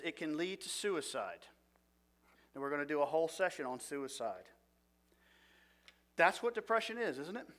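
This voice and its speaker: A middle-aged man teaching a Bible class, earnestly asking the audience questions and dropping his voice low and soft when he talks about feelings.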